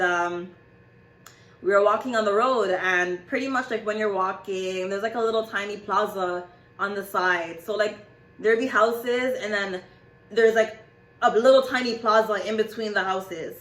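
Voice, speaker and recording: A woman's voice: mid-range voice, a bit bright, reverberant, poor audio. A woman telling a story in a casual, chatty way, swearing freely and saying "like" a lot.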